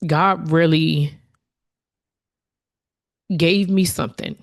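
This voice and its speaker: A woman's voice: sits low, steady tone, extremely slow, gravelly. A woman hosting her own podcast, talking candidly and from the heart in a reflective solo monologue, with fillers and restarts. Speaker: podcast host.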